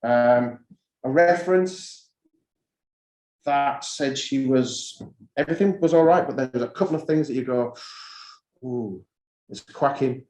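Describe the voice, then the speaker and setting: A man's voice: medium pitch, unhurried, pauses often, a little mellow. A middle-aged man, a school head, addressing fellow heads in a conversational, anecdotal way and repeating key phrases for emphasis. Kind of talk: conference talk to fellow heads. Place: school hall or conference room. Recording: roomy hall sound.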